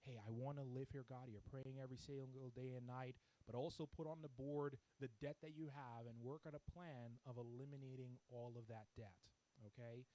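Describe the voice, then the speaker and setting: A man's voice: mid-range voice, fairly even intonation, moderate pace, warm tone, rough recording. A man speaking to a congregation about finances in a conversational way, often checking in with the audience. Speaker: church seminar speaker. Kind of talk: practical finance talk to a congregation.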